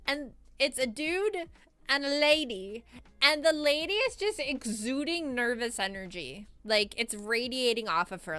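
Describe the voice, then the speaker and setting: A high, bright young woman recounting a trip in a casual streamer recap. Her voice is clear and smooth, close to the mic in a dry room. She rambles, restarts, and laughs often as she goes. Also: dry recording. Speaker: vtuber streamer.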